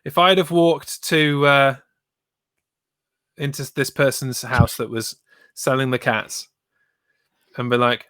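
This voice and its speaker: A man's voice: mid-range voice, slow, pauses often, a bit bright, no echo. A man co-hosting a podcast in casual chat, laid-back and wry, summing up the verdicts. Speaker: podcast co-host.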